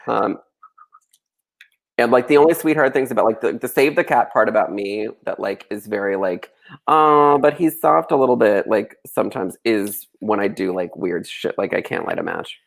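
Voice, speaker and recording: A man's voice: lowish voice, normal speed, gravelly. A young man, a guest author, chatting and joking loosely with many fillers over a video call. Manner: lively, joking, full of fillers. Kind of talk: casual livestream chat.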